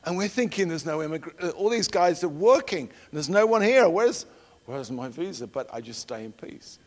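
A middle-aged man preaching a sermon and telling personal stories, shifting from loud emphatic declarations to hushed storytelling. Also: on the high side, expressive, normal speed. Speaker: preacher and missionary trainer. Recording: long hall reverb.

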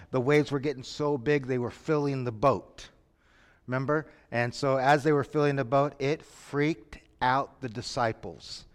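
A man preaching a sermon, moving between quiet lines and sudden shouts. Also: medium pitch, clean tone. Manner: dramatic, shifts from quiet to shouting. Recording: long reverb from a hall.

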